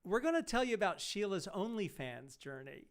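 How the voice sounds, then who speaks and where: A middle-aged man hosting a live stream interview, animated and quick to laugh. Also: high voice, smooth. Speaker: host.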